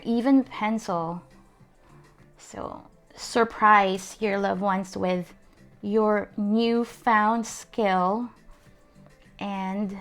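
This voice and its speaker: A young woman in a mid-range voice leads a relaxed online calligraphy workshop from her desk, demonstrating as she goes. Friendly and encouraging, she laughs a lot and says "um" whenever she pauses.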